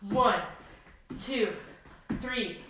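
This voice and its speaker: A woman's voice: fairly high pitch, very slow, background noise. A woman in her forties leading an at-home workout class, upbeat, counting reps and cueing each move. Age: 40s. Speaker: fitness instructor. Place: home room. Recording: echoey room, mic at a distance.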